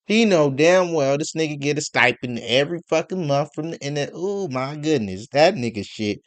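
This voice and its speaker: A man's voice: fairly high pitch, animated, moderate pace, dry recording. Dry, profane ranting man. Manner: profane, rambling, full of rhetorical questions and stammered fillers. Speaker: commentary vlogger. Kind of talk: casual ranting commentary.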